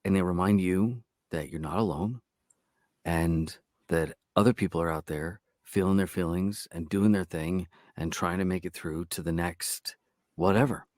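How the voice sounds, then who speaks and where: A man with a lowish voice speaks in a relaxed interview chat, recorded dry and close with little room sound. He talks like a storyteller, with an expressive and lively delivery. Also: normal speed, no echo. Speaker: audiobook narrator guest.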